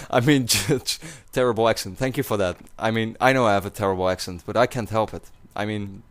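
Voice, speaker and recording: Dutch-accented young man, lower voice. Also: fairly even intonation, quick pace, no echo. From Netherlands. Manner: rambling, many fillers and restarts. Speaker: YouTuber. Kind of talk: casual commentary to viewers.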